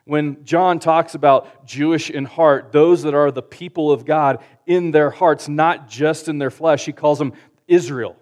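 A male pastor preaching in a relaxed, conversational way, using slang and asking the audience rhetorical questions. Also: a little high, measured pace. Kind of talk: conversational sermon.

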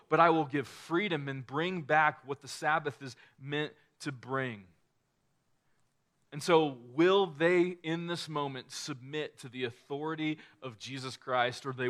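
A man's voice: mid-range voice, fairly bright tone. A man preaching a sermon in a casual, conversational way, often restarting phrases and acting out quoted lines.

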